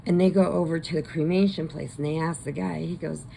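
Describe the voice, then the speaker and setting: A woman who hosts a crochet channel, casually retelling a horror movie in a rambling way and slipping into quick voices. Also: deep voice, steady tone, vocal fry, mellow, a little hiss or hum, low-quality recording.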